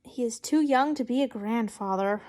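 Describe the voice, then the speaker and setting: A woman voicing a teasing young male wizard in a fanfiction read-aloud, in her own high voice. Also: moderate pace, dark tone, close to an everyday voice.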